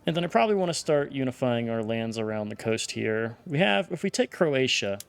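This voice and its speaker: A man with a gravelly, fry-edged voice talks through his moves in a relaxed, thinking-aloud way. He trails off and restarts mid-sentence as he plans. Faint music and keyboard typing sit behind him. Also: medium pitch. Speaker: gameplay streamer. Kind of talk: casual let's-play commentary.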